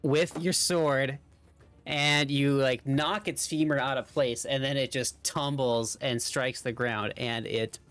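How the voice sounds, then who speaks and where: A man's voice: mid-range voice, steady tone, slow, a bit bright. A man narrating as game master of a streamed tabletop game, in a laid-back descriptive way.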